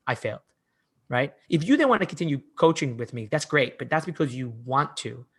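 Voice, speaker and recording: Animated man telling coaching stories. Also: medium pitch, brisk, husky. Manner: animated storyteller, heavy use of "like", frequent restarts. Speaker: fitness coach, podcast guest. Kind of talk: casual conversational storytelling.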